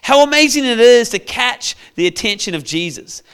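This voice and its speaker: A male preacher tells a Bible story in a playful, storytelling manner. His voice sits fairly high for a man. The tone is smooth and clear. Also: lively intonation, moderate pace. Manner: storytelling, playful, acts out characters with shouts. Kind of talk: sermon.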